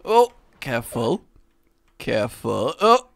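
Guy hosting a gaming vid, super animated, laughs a ton, yells when stuff surprises him, high and a bit raspy. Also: slow pace, no echo. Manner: excitable, laughs often, swears, shouts in surprise. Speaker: host of a gaming channel. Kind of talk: energetic gaming commentary with friends.

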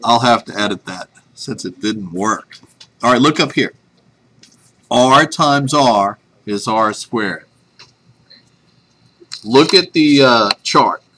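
A man's voice: mid-range voice, expressive, takes it slowly, pauses often, bright, forceful tone. A man teaching a math class, chatty and self-deprecating, telling a joke before getting to the lesson. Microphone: webcam. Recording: faint room noise from a webcam.

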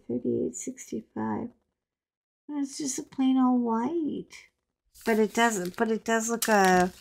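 A woman's voice: on the high side, noisy background. A middle-aged woman with a stuffy, sinus-laden voice, chatting casually and self-deprecatingly to viewers while unboxing craft supplies. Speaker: craft video host.

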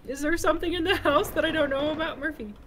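A woman co-hosting a co-op let's play, chatty and animated. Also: sits high, fast, slight background noise. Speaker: gaming channel co-host.

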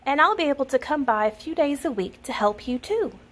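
A woman voicing a loyal, sharp-tongued young baker's daughter who is quick to scold. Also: high-pitched, very animated, voice pushed up. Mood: cheerful.

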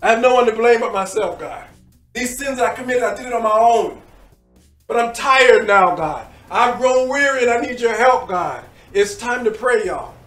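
A man leads a congregation in fervent prayer, pleading and repeating his calls to God, sometimes lifting into shouts. His voice sits very high. He is heard from a distance in a roomy, echoing space with music playing underneath. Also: moderate pace. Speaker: preacher leading prayer. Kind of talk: impassioned prayer sermon. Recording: echoey room with music behind, off-mic.

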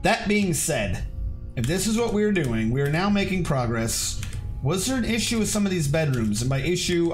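A young man streaming a strategy game, chatting casually and thinking aloud as he reads chat. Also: on the high side. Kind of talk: casual livestream chat while playing.

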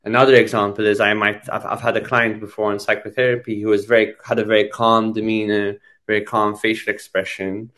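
A man's voice: on the low side, level tone, a little fast, hardly any pauses, a bit bright. A man giving a conversational teaching talk on medical communication, thoughtful, with frequent restarts and repeated words. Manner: thoughtful, many restarts and repetitions. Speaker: psychiatry lecturer.

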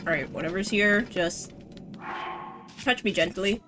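A woman's voice: medium pitch, takes it slowly, long pauses, pushed and bright. A woman streaming a video game, chatting casually and swinging between mock panic, swearing and sarcastic cheer. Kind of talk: casual gameplay commentary. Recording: game music behind the voice.

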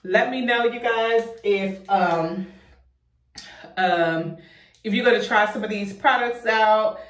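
A woman's voice: mid-range voice, takes it slowly, fairly bright tone, echoey room, recorded from a distance, slight background noise. A young woman vlogging, chatty and effusive, a little out of breath as she talks to her viewers. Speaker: home organization vlogger. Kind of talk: casual vlog chat. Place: bathroom.

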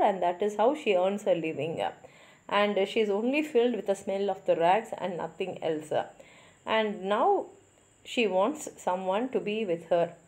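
A woman's voice: mid-range voice, darkish tone. A woman with an Indian English accent, a teacher summarizing a short story for exam students, explaining plainly and glossing words.

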